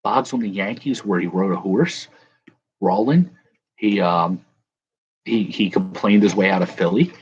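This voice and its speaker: A man's voice: low-pitched, a little slow, pauses often, husky, highs cut off. A man hosting a casual live chat, rambling and correcting himself as he answers viewers. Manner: rambling, self-correcting, chuckling. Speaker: livestream host.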